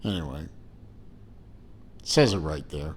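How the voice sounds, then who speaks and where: Slow, rambling middle-aged man reviewing a watch. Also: extremely low pitch, expressive, slight background noise. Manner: slow, rambling, with many fillers and self-corrections; dry self-mocking asides. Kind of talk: casual unboxing review.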